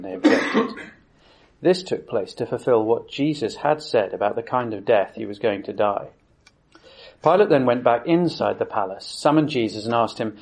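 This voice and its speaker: A man reading a scripture passage aloud in a plain, measured manner. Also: mid-range voice, animated. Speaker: scripture reader.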